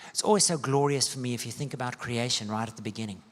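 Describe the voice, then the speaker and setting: A male pastor preaching a sermon, telling stories with sweeping rises and soft, hushed dips. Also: mid-range voice, quick pace. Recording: long church-hall reverb.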